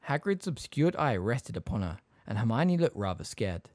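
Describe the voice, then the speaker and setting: A man reading a novel aloud as an audiobook, in expressive storytelling narration. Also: mid-range voice, normal speed, hardly any pauses, no echo, clean studio sound. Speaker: audiobook reader. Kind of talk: scripted narration.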